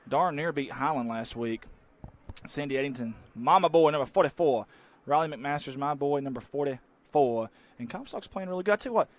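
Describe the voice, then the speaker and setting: A man calling a local high school football game, folksy and excitable, bursting into shouts on big plays. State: out of breath. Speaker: play-by-play announcer.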